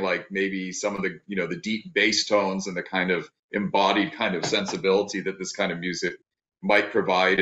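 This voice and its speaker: A man giving an academic talk over a video call, thoughtful and halting, with many restarts and fillers. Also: fairly low pitch, fairly bright tone. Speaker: guest lecturer. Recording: roomy, dull video-call audio.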